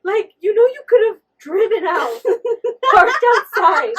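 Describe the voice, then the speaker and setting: A woman mimicking her puzzled, exasperated husband, with a raised, loud delivery. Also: very high voice, very animated, measured pace, pitched above the performer's own voice, full character voice. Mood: incredulous.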